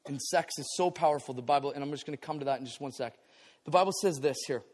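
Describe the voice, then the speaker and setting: A high-pitched man delivers a lively sermon as a pastor, breaking into playful asides and acting out little quotes. His voice rings through a large hall with a long, lingering echo. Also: fast talker.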